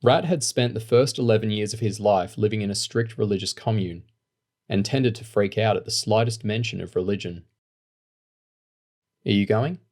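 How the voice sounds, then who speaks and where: Male narrator, lowish voice, steady audiobook reading. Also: a little fast. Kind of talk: scripted narration.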